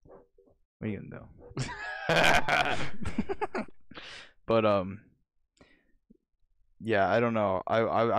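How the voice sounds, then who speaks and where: A man's voice: lowish voice, creaky, a bit bright, no echo, clean studio sound. A young man co-hosting a podcast in loose, joking casual chat, swearing often. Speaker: podcast co-host.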